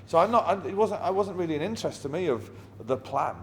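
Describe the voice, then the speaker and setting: Speaking fast in a slightly high voice with big pitch swings, a middle-aged musician trades blunt, wry anecdotes in an interview and swears heavily. There is long reverb and faint ambient noise.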